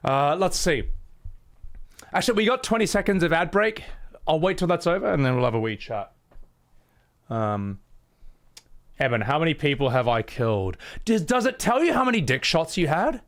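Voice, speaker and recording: A man streaming a game, reacting live with animated, laughing, profane and rambling commentary. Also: on the high side, normal speed, pauses often.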